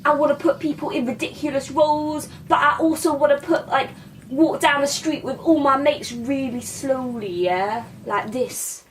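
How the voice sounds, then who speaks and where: A woman with a high voice, lightly acting at normal speed, plays Bobby, a cocky, crude, boastful young London lad, on a character comedy podcast. She rambles crudely, tacking "yeah?" and "mate" onto her lines. She sits far from the mic, slightly off-mic, with a little hiss or hum.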